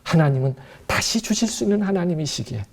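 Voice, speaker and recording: A pastor preaching a sermon, speaking earnestly and addressing the congregation directly. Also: male voice, high voice, animated, racing, slight background noise.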